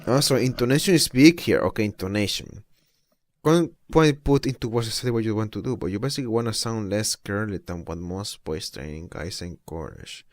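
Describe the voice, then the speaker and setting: Young male streamer, lowish voice, dry close sound, laughs a lot, rambling. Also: brisk, no echo. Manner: chatty, incredulous, laughs often. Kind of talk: casual rambling chat while reading posts aloud.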